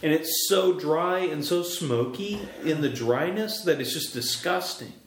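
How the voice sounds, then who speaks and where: A man hosting a casual podcast chat, animated and joking, his pitch rising when he makes a point. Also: a little slow, slight background noise. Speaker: podcast host. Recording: roomy echo.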